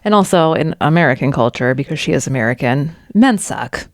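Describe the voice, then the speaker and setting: A woman's voice: sits low, animated, brisk, dry recording. Woman podcast co-host, bubbly and jokey, recorded dry and close. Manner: bubbly, laughing asides, jokey. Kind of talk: casual chat.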